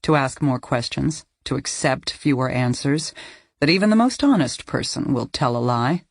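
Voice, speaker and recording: A woman reading the lines of a calm, probing woman police detective in an audiobook, speaking in an even, unruffled way. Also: extremely low pitch, normal speed, vocal fry, no echo, studio quality, heavily acted.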